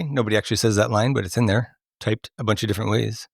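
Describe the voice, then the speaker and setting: A man's voice: fairly low pitch, fairly even intonation, quick pace, gravelly, breathy edge, no room sound, clean studio sound. A man hosting a podcast movie quiz, chatting casually and laughing often. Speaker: podcast host running a movie quote quiz. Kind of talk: casual chat.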